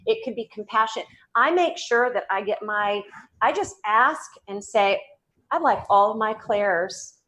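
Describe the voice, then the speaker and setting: A woman's voice: medium pitch, rough recording. Earnest Southern woman talking spirituality. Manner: earnest, spiritual, animated with restarts. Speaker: guest psychic medium. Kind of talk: casual interview talk.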